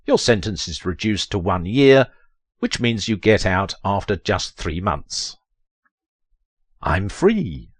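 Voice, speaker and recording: A man's voice: animated, unhurried, slightly rough, no room sound. A man narrating a text adventure in a theatrical, dramatic reading voice. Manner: theatrical, leaps to high strained pitch on quoted lines.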